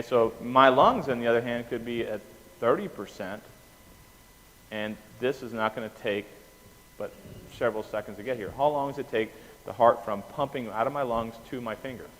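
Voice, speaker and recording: A man giving an anesthesia lecture, animated, quizzing the class and often checking in with "okay?". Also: medium pitch, moderate pace, long pauses. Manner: animated, asks the class questions, keeps saying "okay?". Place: lecture room. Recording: reverberant hall with faint noise.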